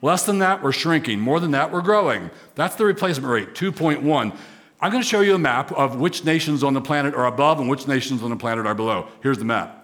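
A man's voice: medium pitch, expressive, a little fast, fairly bright tone. A man preaching a sermon as pastor, emphatic, with rising, swelling repetition.

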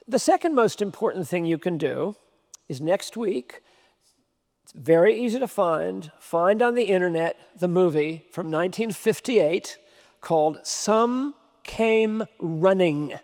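A man's voice: sits high, lively intonation, a little slow, darkish tone. A man preaching a sermon, emphatic, repeating key phrases for stress. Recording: long hall reverb.

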